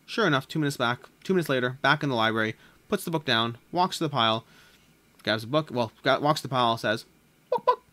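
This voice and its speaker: A man hosting a board game channel, telling a long joke to camera in a quiet, deadpan way with small self-corrections. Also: medium pitch, quick pace, dry recording. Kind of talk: casual chat, telling a joke. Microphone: camera mic.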